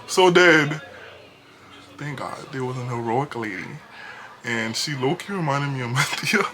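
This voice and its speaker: A young man telling a storytime vlog in an animated, casual way, laughing often. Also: mid-range voice, measured pace, music in the background. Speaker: vlogger.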